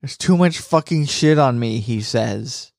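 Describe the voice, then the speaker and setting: A man's voice: mid-range voice, expressive, unhurried, vocal fry, darkish tone, no echo, clean studio sound. A man co-hosting an anime review podcast, jokey and swearing freely as he chats. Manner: jokey, swears freely, tosses in silly voices. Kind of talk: casual chat.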